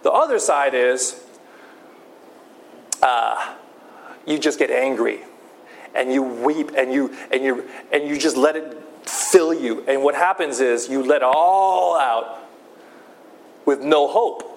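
A man preaching a sermon, slow and emphatic, often repeating his key phrases. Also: mid-range voice, gravelly. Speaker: pastor.

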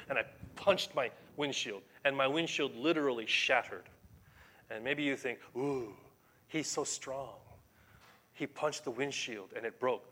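A man's voice: a little high, a bit bright. A middle-aged man preaching a sermon as pastor, emphatic and conversational, explaining scripture to his congregation.

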